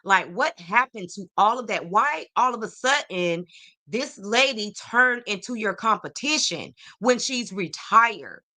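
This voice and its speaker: A woman's voice: medium pitch, animated, a little slow, pushed and bright. A woman hosting a celebrity gossip podcast, sassy and opinionated, talking straight to her viewers. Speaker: podcast host.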